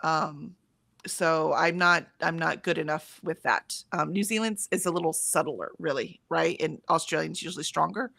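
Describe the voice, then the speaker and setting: An American woman with a low, gravelly voice talks casually through a livestream, reading chat comments aloud and musing with plenty of ums. Her accent is plain general American. The sound is dry and close, with no room around it. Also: normal speed, fairly bright tone, no room sound. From United States. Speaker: livestream co-host.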